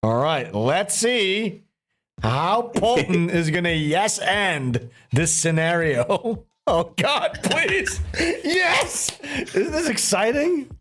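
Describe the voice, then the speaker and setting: A man hosts a stream and reacts to a clip in casual commentary, his voice swinging up and down with a lot of life. He is a little higher than most men and mocks what he watches, laughing often. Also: slow pace. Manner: animated, mocking, laughing often. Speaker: streamer host.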